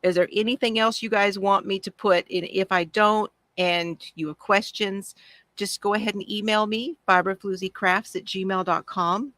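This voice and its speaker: A woman's voice: medium pitch, fairly even intonation, normal speed, a bit bright, no room sound. A woman hosting a casual crafting livestream, chatty and gushing as she answers viewer comments from home.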